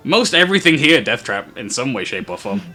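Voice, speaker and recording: Gleeful female goblin tinkerer voiced by a man, clipped broken speech, proud, bright tone. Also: medium pitch, sing-song, brisk, faint music behind.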